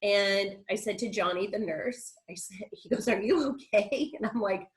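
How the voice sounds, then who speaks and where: A woman's voice: medium pitch, steady tone, moderate pace, low-quality recording. A middle-aged woman on a video call, telling a personal story in a chatty, rambling way with frequent restarts and laughs. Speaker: guest speaker.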